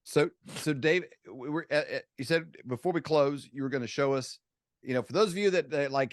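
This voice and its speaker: A man's voice: mid-range voice, brisk, dry recording, studio quality. A man hosting a casual talk show, speaking in a rambling conversational way. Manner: conversational, rambling with fillers and restarts. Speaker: host.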